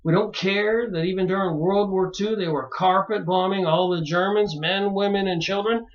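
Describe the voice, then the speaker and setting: A man's voice: sits high, fairly even intonation, normal speed, lo-fi sound. A man talking straight to his viewers in an emphatic monologue that rises into pleading exclamations. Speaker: video maker reviewing books. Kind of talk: monologue to camera.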